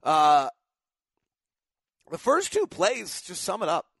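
Middle-aged sports talk guy, tired, rambles and self-corrects, voice a bit high, dry close sound. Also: huge pitch swings, slow pace, gravelly, a bit bright, slightly rough, no room sound. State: tired after little sleep. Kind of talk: casual sports talk monologue.

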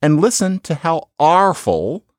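A man's voice: fairly high pitch, unhurried, no room sound, studio quality. A middle-aged man hosting a podcast, giving a casual lecture on speech with wry asides. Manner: chatty, wry asides, lively intonation. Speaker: podcast host, linguist. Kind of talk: casual lecture with audio clips.

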